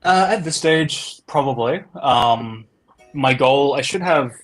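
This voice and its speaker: A man speaking as a guest musician in a casual interview. He answers in a laid-back, unhurried way with short replies. His voice sits at a middle pitch for a man. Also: animated, faint music behind, low-quality recording. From Australia.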